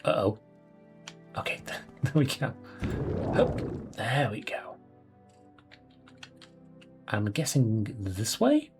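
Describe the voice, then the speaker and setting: A chatty, sweary man talking through his game as he plays, his voice bouncing lively up and down. Keyboard clicks and faint music sit behind him. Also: lowish voice, extremely slow, pauses often. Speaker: let's play host. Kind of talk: casual gameplay commentary.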